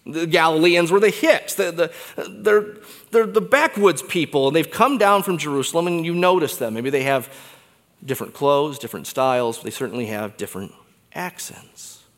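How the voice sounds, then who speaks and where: A man preaching a sermon in a church, conversational and animated, swinging between quiet and loud. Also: fairly high pitch, normal speed, in a large hall. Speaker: pastor.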